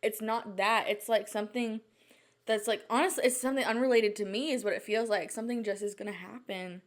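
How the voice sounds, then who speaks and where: A woman's voice: mid-range voice, steady tone, a little fast. Flustered young woman rambling anxiously. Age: young adult. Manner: rambling, flustered, many "like" fillers and restarts. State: anxious and shaken. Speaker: podcast host. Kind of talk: casual solo chat. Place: at home at night.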